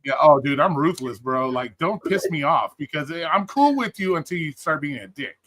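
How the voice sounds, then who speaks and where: A man's voice: on the high side, big pitch swings, moderate pace, crowd noise. A man telling stories on a live stream in a casual, blunt and profane way. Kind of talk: casual storytelling.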